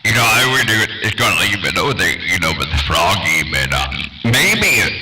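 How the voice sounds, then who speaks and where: Deep-voiced Texan man bantering on radio. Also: very animated, brisk, over loud music, rough recording. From Texas. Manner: rambling, crude teasing, many fillers. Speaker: ham radio operator and stream host. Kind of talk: casual on-air radio banter.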